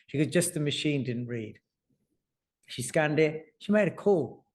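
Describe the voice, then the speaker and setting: Animated male surgeon telling stories. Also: on the high side, moderate pace. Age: 40s. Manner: animated, acts out dialogue in his stories. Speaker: surgeon and author. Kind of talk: conversational storytelling. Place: lecture hall.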